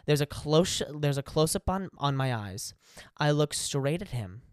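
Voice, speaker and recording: A podcast co-host with a slightly high, clear and resonant voice tells a story in a casual chat, animatedly acting out the quotes. He keeps a measured pace, and the recording is dry with clean studio sound.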